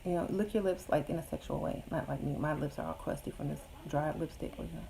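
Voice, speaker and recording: Woman, gravelly voice, warm dark tone, blunt sassy dating advice, casual vlog chat. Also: deep voice, fast talker, slight background noise, poor audio. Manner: blunt, sassy, joking asides. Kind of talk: casual advice chat answering viewer questions.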